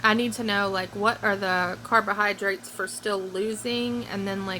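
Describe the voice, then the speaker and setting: A middle-aged woman rambles casually to her camera at home, full of ums and restarts. Her voice is bright and clear. A faint hum of room noise sits behind her. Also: medium pitch, fairly even intonation, normal speed, rough recording. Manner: rambling, many fillers and restarts. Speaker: vlogger. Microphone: phone or camera close by.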